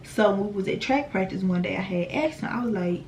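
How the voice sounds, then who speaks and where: A woman's voice: mid-range voice, expressive, brisk, darkish tone, slight background noise. Young woman vlogger, mid-range voice, casual storytime, swears freely, talks straight to viewers. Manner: slangy, profane, chatty; addresses viewers directly.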